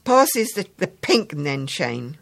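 A woman's voice: deep voice, sing-song, takes it slowly, vocal fry, no room sound, heavily acted. A woman voicing a scruffy, toothless schoolboy who talks in clipped, indignant dialect while sewing hard. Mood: grumpy.

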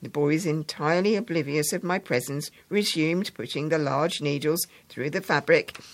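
A woman reads a story aloud to an audience in a warm, measured way. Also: deep voice, no echo.

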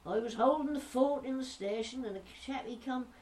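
A woman's voice: high-pitched, fairly quick, a little mellow, far from the mic, pitched above the performer's own voice, close to an everyday voice. A woman putting on chatty old Norfolk countrywoman Mother Miller. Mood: jolly yarning. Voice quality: broad rustic dialect, jokey storyteller.

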